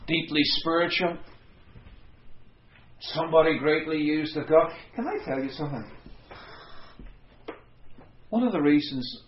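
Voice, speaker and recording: A man's voice: fairly high pitch, a little slow, long pauses, dull audio, slight background noise. Conversational man preaching in an echoey hall. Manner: conversational, wry asides. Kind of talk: expository sermon.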